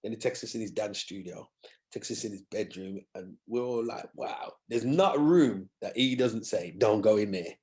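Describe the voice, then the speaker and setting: A man, a guest musician telling animated anecdotes in a podcast interview and acting out other people's voices. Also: lowish voice, normal speed. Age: 50s.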